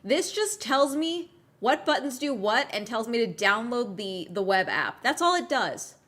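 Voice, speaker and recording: A woman's voice: fairly high pitch, expressive, a little slow, fairly bright tone. A woman streamer in casual chat, ranting with exasperation and swearing, while she is sick.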